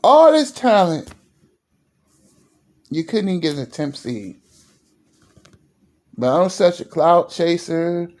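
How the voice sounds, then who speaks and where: A man from Virginia ranting in a sports vlog, fired up and repeating himself, sometimes dropping low and emotional. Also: sing-song, slow, long pauses, a little mellow. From Virginia, USA. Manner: fired-up and repetitive, stumbles over restarts; drops low and emotional at times. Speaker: sports commentary vlogger.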